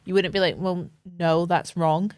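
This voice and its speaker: A woman's voice: lowish voice, fairly even intonation, normal speed, a little mellow, no room sound. A woman co-hosting a casual podcast, thoughtfully explaining a point by acting out an example conversation. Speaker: podcast co-host, colleague.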